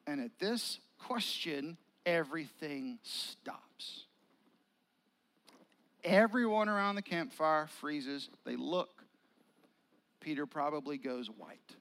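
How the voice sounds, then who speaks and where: A man's voice: fairly high pitch, slow, long pauses, fairly bright tone, low-quality recording. A male pastor preaching a sermon as casual, vivid storytelling.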